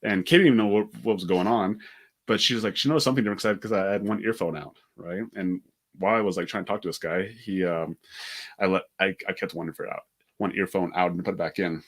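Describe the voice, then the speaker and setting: Fast-talking man in casual chat. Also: deep voice. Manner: fast, animated, many "like" fillers. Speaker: podcast co-host.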